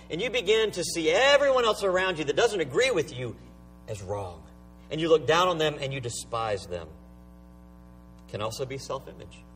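Male pastor, sermon, emphatic, rhetorical questions, very lively pitch, slightly high voice. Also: husky, distant mic, rough recording.

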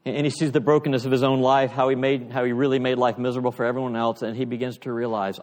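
Guy preaching a sermon, tells the story all animated, keeps repeating himself, mid pitch, big echoey church hall. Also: fast talker, few pauses. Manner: animated retelling with stumbles and repeated words. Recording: long echoey reverb, large hall.

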